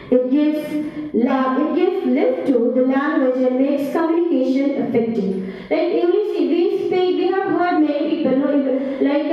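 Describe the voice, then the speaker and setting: High-pitched woman teacher, unhurried and explanatory, mic set far off in a very echoey room. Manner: explains slowly, adds frequent tag questions. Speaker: English teacher. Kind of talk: teacher training talk. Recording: very echoey, distant, dull sound.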